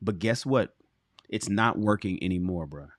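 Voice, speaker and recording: Animated, blunt-talking man host. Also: sits low, moderate pace, no echo, clean studio sound. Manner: animated, profane, emphatic, addresses chat directly. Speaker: livestream host reading his own relationship book. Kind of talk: reading aloud with blunt commentary.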